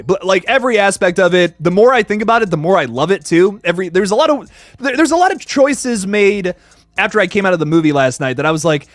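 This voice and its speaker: A young man hosting a casual live stream, chatting excitedly with viewers and greeting them by name. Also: high voice, fast talker, dry recording, faint music behind. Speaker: livestream host reviewing films.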